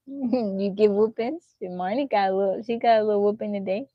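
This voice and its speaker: A young woman live-streaming from her phone, telling animated stories to her chat and laughing often. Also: mid-range voice, a little fast, dry recording, dull audio. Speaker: livestreamer.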